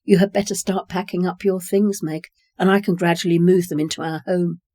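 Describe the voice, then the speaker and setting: A reader voicing a kind, generous farmer in a short story, speaking in a reassuring way. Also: male voice, high voice, flat delivery, brisk, darkish tone, dry recording, studio quality. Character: kindly grown man, a farmer, generous and reassuring. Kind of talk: reading dialogue in a short story.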